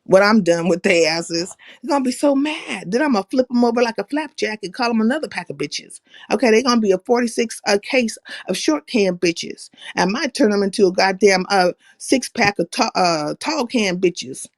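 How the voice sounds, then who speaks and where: A woman hosting a livestream, telling profane stories in a brash, animated, slangy way. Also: mid-range voice, normal speed, few pauses, no room sound. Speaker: livestream host. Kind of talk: casual profane storytelling chat.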